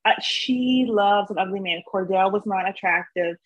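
A woman co-hosting a casual chat, emphatic and quick to laugh. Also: mid-range voice, muffled recording. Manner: animated, laughing, emphatic agreement.

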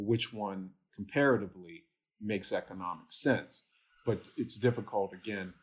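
A man answering interview questions as an energy policy expert, in a measured, methodical way with the odd filler. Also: on the low side.

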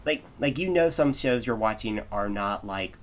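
A man's voice: on the low side, animated, normal speed. An American man co-hosting a podcast, rambling in casual chat full of restarts and fillers. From United States. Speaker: podcast co-host.

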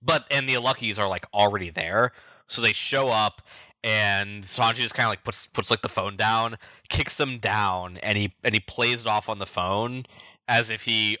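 With a sharp tone, this man co-hosts a podcast and breezes through a casual recap of a story, voicing the characters' quotes as he goes. His voice is lowish, and the lo-fi audio has no echo.

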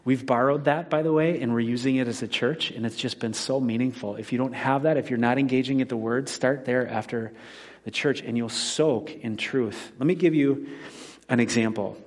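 A man's voice: medium pitch, moderate pace. A man in his forties, a pastor giving a conversational sermon that mixes scripture with personal stories. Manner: conversational preaching with personal anecdotes.

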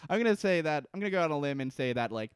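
Young male podcaster, casual recap, smooth voice with lively swings, acts out quotes. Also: a little high, rapid-fire, no echo, clean studio sound. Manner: animated, acts out characters' lines, laughs often. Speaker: podcast co-host. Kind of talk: casual chat recapping a TV episode.

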